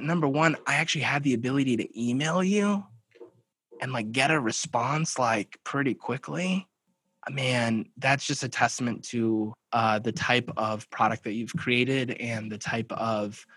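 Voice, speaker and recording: A man's voice: mid-range voice, a little slow, breathy edge, no room sound. A man chatting as a podcast guest, telling stories with energy and acting out what people said. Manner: animated storyteller who acts out dialogue. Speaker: podcast guest, children's book publisher. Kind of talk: casual podcast conversation.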